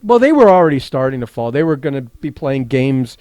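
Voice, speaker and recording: A man's voice: medium pitch, sing-song, fairly quick, darkish tone, dry recording. A man co-hosting a podcast in casual chat, blunt and grumbling with crude banter. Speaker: podcast co-host.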